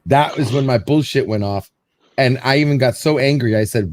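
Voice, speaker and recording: A man's voice: mid-range voice, moderate pace, a little mellow, no room sound. A man hosting a casual show, telling a story in a rambling way and acting out what people said. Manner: rambling storyteller, repeats words, acts out quotes. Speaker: show host.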